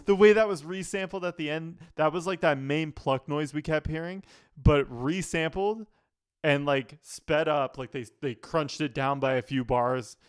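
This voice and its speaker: A man's voice: on the high side, unhurried, clean tone, dry recording. A man, a music producer, giving an enthusiastic, analytical reaction to an album in casual talk, often leaning on "like" as a filler.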